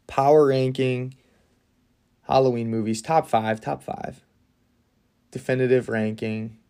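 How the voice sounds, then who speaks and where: A man's voice: medium pitch, a little mellow. A young man hosting a casual solo podcast, talking enthusiastically and with firm opinions, often laughing between remarks. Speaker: podcast host.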